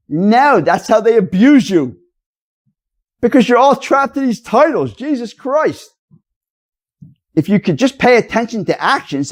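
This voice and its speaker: A man's voice: very high voice, big pitch swings, moderate pace. A man ranting straight to his viewers in a rambling, accusatory, lecturing way. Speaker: video blogger. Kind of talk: rambling direct-to-camera rant.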